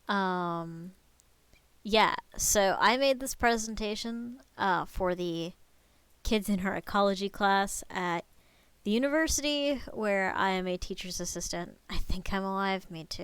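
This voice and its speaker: A woman's voice: mid-range voice, a bit bright, clean tone, dry recording. A woman in her twenties giving a casual live-stream lecture, chatting with viewers and swearing freely.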